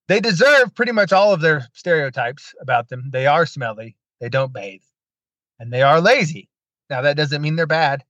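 Male podcast host, casual storyteller who acts out quotes with sarcastic asides. Higher-pitched, lo-fi dry recording. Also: a bit bright, no echo. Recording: dull lo-fi dry sound.

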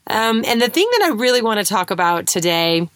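A woman's voice: medium pitch, sing-song, a little fast, a bit bright, dry recording. A middle-aged woman hosting her own podcast as a life coach, talking earnestly and reflectively, often restarting and adding "right?" asides. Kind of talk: casual solo podcast monologue.

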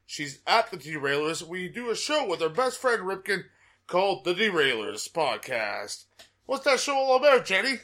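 A man guests on a casual podcast, cracking crude jokes and promoting with loud bravado. His voice sits high and sounds bright. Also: very animated, moderate pace. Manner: crude, joking, hype-man bluster. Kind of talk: casual chat.

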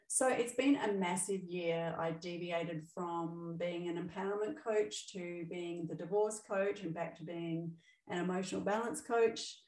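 A woman's voice: lowish voice, measured pace, few pauses, a little mellow, far from the mic. Upbeat woman in an echoey room. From Australia. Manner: chatty and upbeat, with fillers and self-corrections. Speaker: podcast host, emotional balance coach. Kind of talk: solo podcast monologue.

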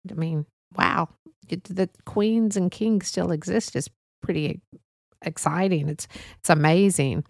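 Gravelly-voiced woman musing casually. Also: lowish voice, measured pace, darkish tone, dry recording, clean studio sound. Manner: rambling, musing, many fillers and restarts. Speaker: podcast host. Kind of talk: casual solo podcast monologue.

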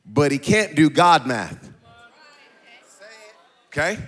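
A middle-aged man preaches from a church stage with a fairly high voice. He swings into a chanting, sing-song cadence and climbs to shouts. Between points he drops into joking asides and laughs. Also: big pitch swings, slow pace, slightly rough. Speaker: pastor. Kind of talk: sermon.

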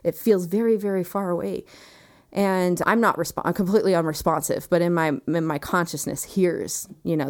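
A woman in her thirties, earnest and reflective, telling a personal story in conversation and often dropping quiet. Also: lowish voice, steady tone, brisk. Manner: earnest and reflective, quiet moments with soft laughs.

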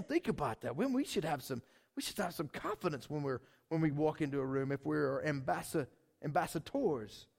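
A man preaching a sermon in a conversational, animated way, asking the congregation questions. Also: sits high, gravelly. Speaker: pastor.

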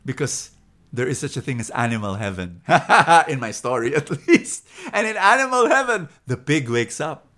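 A man's voice: medium pitch, normal speed. A man with a Filipino accent preaching a sermon, telling a story and repeating points for emphasis. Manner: animated, repetitive, emphatic, laughs easily.

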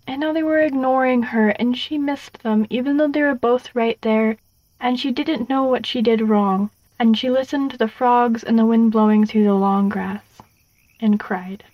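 Expressive woman reading a storybook. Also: a little high, normal speed, no room sound, highs cut off. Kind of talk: storybook narration.

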